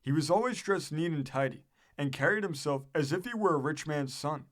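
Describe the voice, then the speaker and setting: A man narrating an audiobook of a historical book, reading in a measured, steady way. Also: a little high.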